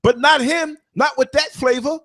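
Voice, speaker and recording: Podcast guy spinning a story, higher voice, acts out the quotes, repeats stuff for emphasis. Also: fairly even intonation, normal speed, bright, forceful tone. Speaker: podcast host and former bus driver. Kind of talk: casual storytelling.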